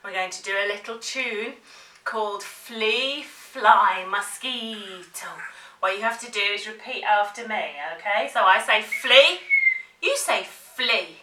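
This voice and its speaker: A woman leading a child through a playful drama warm-up, coaxing and encouraging. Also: mid-range voice, slow, recorded from a distance, slight background noise. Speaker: drama teacher. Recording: roomy, from off the mic.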